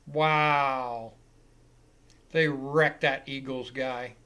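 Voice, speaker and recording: A man hosting a live football reaction show, giving excitable, profane play-by-play commentary. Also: medium pitch, extremely slow, smooth. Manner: excitable and profane, swears freely.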